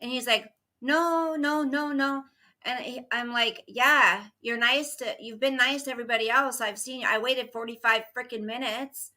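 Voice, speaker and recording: A woman's voice: on the high side, fairly even intonation, moderate pace, few pauses, bright, forceful tone. A middle-aged woman hosting a casual livestream, rambling through a story and greeting viewers by name as they arrive. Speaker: livestream host chatting with viewers.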